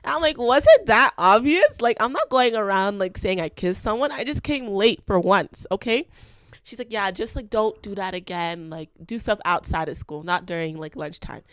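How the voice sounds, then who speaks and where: A young woman from Canada hosting a podcast, telling a school story in a chatty, animated way and acting out the quotes. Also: medium pitch, moderate pace, no echo. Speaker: podcast host. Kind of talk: casual storytelling.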